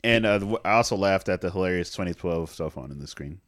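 A man casually recapping a movie, relaxed and chatty, working from notes. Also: low voice, quick pace, no room sound, clean studio sound. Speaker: co-host.

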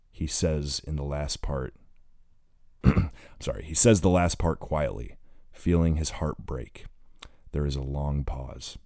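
A man narrating an audiobook in a plain, measured reading style. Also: a bass voice, a little mellow, no echo, clean studio sound.

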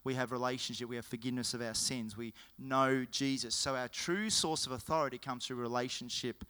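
A man preaching a sermon, retelling stories in a casual, lively way and acting out what people said. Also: mid-range voice, fairly quick, clean tone. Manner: storytelling with acted-out quotes.

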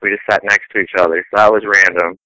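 Bright, crisp-voiced storytelling man. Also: lowish voice, little pitch movement, quick pace, no room sound, low-quality recording. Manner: rambling anecdotal storyteller. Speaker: scientist guest. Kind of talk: casual conversational interview.

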